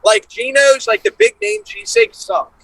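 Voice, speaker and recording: Young guy from Pennsylvania, high lively voice, bright and excitable, slangy. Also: normal speed, gravelly, no echo, low-quality recording. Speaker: guest fighter. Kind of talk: casual interview chat.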